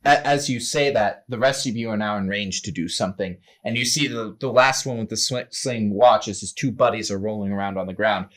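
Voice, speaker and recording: A man narrating a tabletop game as game master, running the scene with quick asides. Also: lowish voice. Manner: lively, laughing narration with quick voiced asides.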